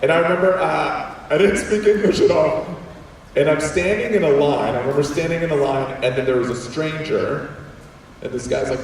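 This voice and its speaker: A young man from Puerto Rico, whose first language is Spanish, giving an animated comic story talk to a school assembly. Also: mid-range voice, brisk. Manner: animated, jokey, quotes people in voices. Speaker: guest speaker. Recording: echoey hall, distant mic, faint room noise.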